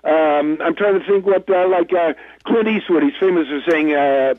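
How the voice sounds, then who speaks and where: A man's voice: fairly high pitch, moderate pace, no room sound. A man, an actor guest, telling rambling, self-deprecating stories in a casual interview over the phone. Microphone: telephone. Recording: tinny dry phone line.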